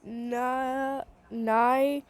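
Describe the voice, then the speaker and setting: Woman, high voice, slow delivery, giggly gaming streamer on a handheld mic. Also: smooth, no echo, low-quality recording. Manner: giggly, excitable, laughs a lot. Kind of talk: casual gameplay chatter. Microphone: handheld microphone.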